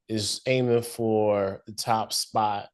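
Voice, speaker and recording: Slangy animated man recapping TV. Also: on the low side, takes it slowly, smooth. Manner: animated, slangy, acts out characters in quotes. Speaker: podcast co-host. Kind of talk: casual TV recap chat.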